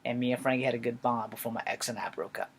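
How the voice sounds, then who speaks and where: A young man telling a funny personal story in casual, swearing storytime style, jumping from low mutters and whispers to loud outbursts. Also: level tone, fast, a little hiss or hum. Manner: sometimes drops to a whisper. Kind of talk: casual profane storytime monologue.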